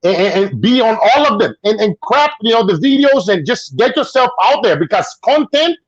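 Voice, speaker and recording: Brazilian-accented man, casual guest, animated storyteller, high bouncy voice, dry slightly dull sound. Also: brisk, dry recording. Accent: Brazilian Portuguese. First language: Portuguese. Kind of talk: casual chat on a video call.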